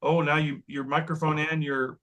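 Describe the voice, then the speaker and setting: A man's voice: fairly high pitch, level tone, moderate pace, fairly bright tone. A man hosting a podcast over a video call, friendly and directing his guests. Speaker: podcast host. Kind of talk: casual podcast chat.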